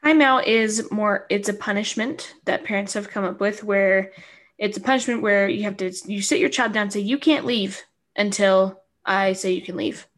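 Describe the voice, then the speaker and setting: A woman co-host in casual chat gives a plain, agreeable explanation. Her voice sits at a middle pitch. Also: normal speed.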